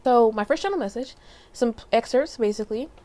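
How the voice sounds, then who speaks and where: A woman's voice: fairly high pitch, a little fast, mellow, a little hiss or hum. A young adult woman telling a personal story in a casual vlog, rambling with lots of fillers, restarts and small laughs. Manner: rambling, filler-heavy, frequent self-corrections and laughs. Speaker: vlogger.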